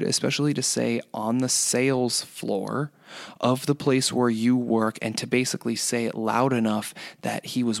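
A man's voice: lowish voice, creaky, no echo. A man casually telling a rambling story about his workplace, full of restarts and fillers. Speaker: retail worker telling a work story.

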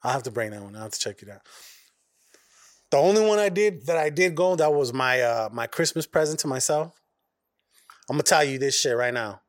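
A man's voice: mid-range voice, lively intonation, brisk, pauses often. A man from Arizona co-hosting a podcast, telling a long profane story with a lot of animation. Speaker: podcast co-host. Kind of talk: casual chat.

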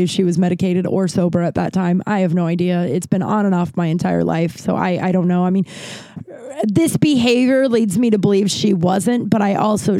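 A woman's voice: medium pitch, vocal fry, mellow, no room sound. A woman in her thirties hosting a show, telling a personal story in a candid, rambling way, full of "like" and "you know".

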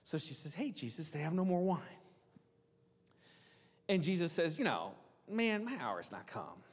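A man preaching a sermon in a conversational, animated way, acting out the voices of people in the story. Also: a little high, a little slow, slightly rough. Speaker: pastor. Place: church hall. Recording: reverberant hall.

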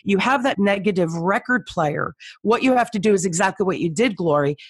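A woman's voice: medium pitch, animated, a little fast, breathy edge, no echo. A woman podcast host and business coach, talking in a motivational, affirming way and repeating key phrases. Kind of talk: encouraging podcast talk.

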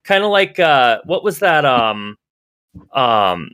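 A man's voice: medium pitch, sing-song, slow, bright, forceful tone, smooth, no room sound. A man running a tabletop game as game master, narrating casually with lots of fillers.

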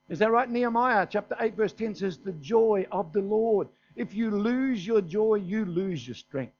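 An older man with an Australian accent, preaching a sermon in a folksy storytelling way, often asking "is that right?". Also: high voice. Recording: dull, muffled sermon recording.

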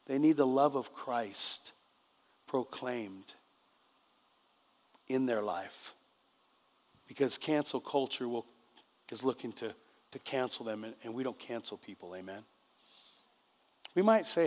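A man's voice: mid-range voice, animated, normal speed, long pauses. An older man giving a conversational sermon as a preacher, often checking in with the congregation. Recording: long reverb of a church hall.

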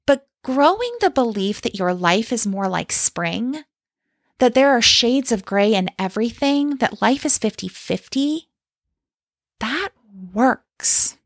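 A woman coaching her listeners in a solo podcast, upbeat and direct, often asking "okay?" or "right?" to keep them with her. Her voice sits a little high. The sound is close and dry. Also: animated, takes it slowly, no echo. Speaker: life coach. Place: lives in Canada.

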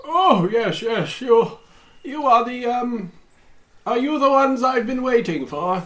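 A man doing a plump sweaty bank clerk, fussy and flustered, high-pitched and dodgy, swooping all over the place. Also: lively intonation, takes it slowly, fairly bright tone, heavily acted. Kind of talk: tabletop game character voice.

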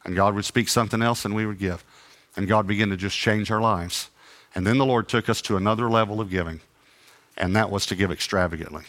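Bright-voiced man preaching a story. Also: fairly low pitch, fairly quick. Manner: animated anecdotes with acted-out dialogue and self-deprecating humor. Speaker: traveling preacher. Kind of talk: sermon storytelling.

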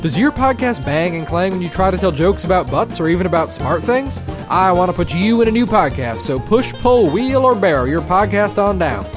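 A man voicing a pushy male used-car salesman in a mock radio ad, with a booming hard-sell delivery. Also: sing-song, normal speed, hardly any pauses, over music.

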